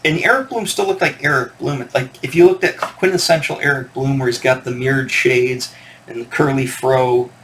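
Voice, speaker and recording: A man's voice: mid-range voice, moderate pace, fairly bright tone, a little hiss or hum. Man rambling through a casual story. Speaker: record collector channel host. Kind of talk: casual chat to camera.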